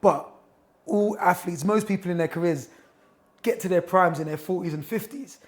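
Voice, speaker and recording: Man, thirties, boxing coach guest, high voice, chatty, enthusiastic storyteller. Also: normal speed. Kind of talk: casual interview chat. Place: gym.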